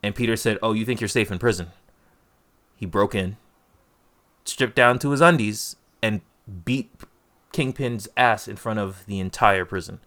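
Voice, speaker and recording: Young male co-host, slightly low voice. Emphatic, slangy, punchy retelling. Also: normal speed, fairly bright tone. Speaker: movie discussion co-host. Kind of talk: casual chat.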